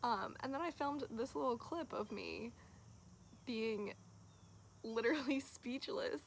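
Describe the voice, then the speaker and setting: A woman reviewing a book to camera in a chatty, gushing way, full of "like"s and quick laughs. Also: fairly high pitch, vocal fry, a little hiss or hum. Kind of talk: casual chat to camera.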